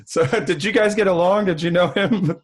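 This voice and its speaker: Relaxed male interviewer. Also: high voice, moderate pace, breathy edge. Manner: relaxed, brief prompts and laughs. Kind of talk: casual interview questions.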